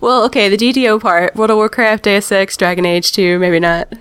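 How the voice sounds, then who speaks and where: A woman's voice: mid-range voice, steady tone, fairly quick, a bit bright, clean tone, no echo. A woman hosting a gaming podcast, reading the news of the week with wry asides and laughing often. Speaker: podcast host.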